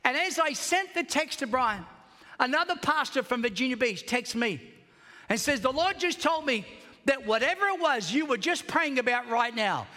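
A male pastor preaching a sermon with fervent storytelling, swinging from near-whispers to shouts. His voice sits high and bright. The sound rings with the long reverb of a large church hall. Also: expressive, moderate pace. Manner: passionate storytelling, swings between shouting and hushed.

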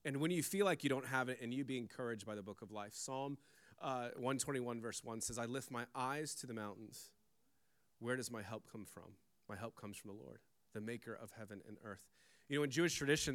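A low-voiced man preaches from the pulpit, rising to forceful emphasis and then dropping to near-whispered asides. Soft guitar from the band plays faintly under his words. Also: no room sound. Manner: preaching with big swings from loud to hushed. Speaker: pastor. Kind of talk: sermon.

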